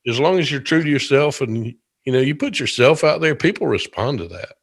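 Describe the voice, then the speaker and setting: A man's voice: mid-range voice, animated, brisk. A man from Georgia, hosting a casual interview show and talking in an easygoing, rambling way. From Georgia, USA. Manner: easygoing, rambling, many fillers. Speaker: podcast host.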